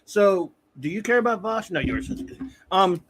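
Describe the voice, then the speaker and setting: A man's voice: sits high, normal speed, a bit bright, a little hiss or hum. A middle-aged man hosting a casual review chat, rambling and correcting himself as he goes, with frequent chuckles. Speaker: podcast host.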